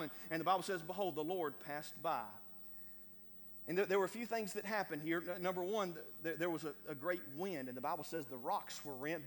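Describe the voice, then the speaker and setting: A man preaching a sermon to a congregation, stammering over repeated words and building to loud emphatic peaks. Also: fairly high pitch. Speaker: pastor. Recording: long hall reverb.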